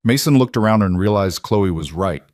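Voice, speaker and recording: Low-voiced man narrating a story. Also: expressive, moderate pace, a little mellow, no echo, clean studio sound. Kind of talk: scripted narration.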